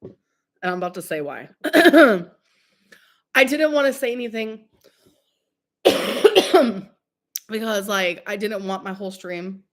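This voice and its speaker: A young woman live streamer, sick with something like a cold, rambles casually to her viewers with lots of fillers. Her mid-range voice has lively intonation, but she speaks slowly with long pauses.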